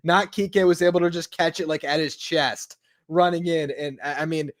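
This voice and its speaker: A man's voice: a little high, steady tone, normal speed. A man co-hosting a sports podcast, breaking down a play in a casual, filler-heavy way. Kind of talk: casual chat.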